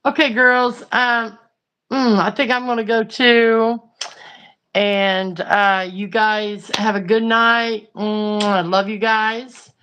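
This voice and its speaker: A woman's voice: fairly high pitch, fairly even intonation, takes it slowly, a bit bright, smooth, muffled recording. A woman, hosting a livestream and chatting through a funny story with lots of fillers. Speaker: livestream host. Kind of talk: casual storytelling chat.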